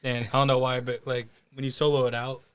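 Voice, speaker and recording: A young man from the Cherokee Nation, a voice actor guest who tells stories in a lively, amused way in a casual interview. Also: mid-range voice, quick pace, clear, resonant tone. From Cherokee Nation, Oklahoma. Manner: animated storytelling, amused.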